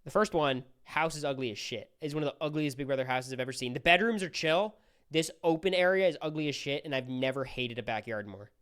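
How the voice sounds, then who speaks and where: Opinionated young man, smooth voice. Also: fairly high pitch, a bit bright. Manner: opinionated, quick, casual. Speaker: streamer host. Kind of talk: casual livestream chat.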